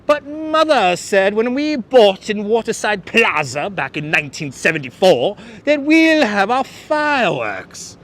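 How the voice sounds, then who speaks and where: A whiny, snooty rich resident, put on by a man, drawls in a raised, posh voice. The lines stretch out slowly and sound pampered. Faint traffic hums behind him outdoors. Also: high-pitched, very animated, a bit bright, pitched above the performer's own voice, exaggerated voice. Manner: posh put-on accent, drawn-out whining. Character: snooty older gentrifier resident, wealthy, whiny. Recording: outdoor street noise from wireless mic.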